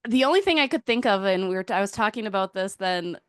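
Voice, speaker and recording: A woman hosting a hockey podcast, asking questions in a chatty, animated way and laughing easily. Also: mid-range voice, fast talker, smooth, no room sound, clean studio sound. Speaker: podcast host. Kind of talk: casual chat.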